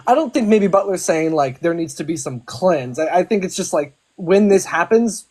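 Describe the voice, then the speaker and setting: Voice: medium pitch, animated, normal speed, a little mellow. A participant in a book discussion on a video call, speaking hesitantly with many likes and restarts. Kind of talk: casual literary discussion.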